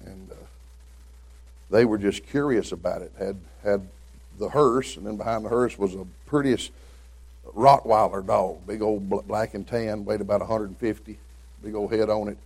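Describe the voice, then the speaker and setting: Lowish and slightly rough with a darkish tone, the voice moves at a moderate pace. It belongs to a guest preacher from Middle Tennessee, Southern in accent, who weaves folksy comic stories into his sermon and acts out the voices of those he quotes.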